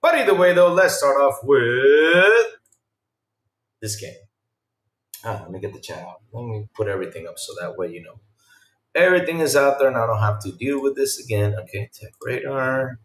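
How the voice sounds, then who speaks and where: A man hosting a casual live-stream podcast, talking excitedly and loosely to his chat with lots of fillers. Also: medium pitch, normal speed, reverberant.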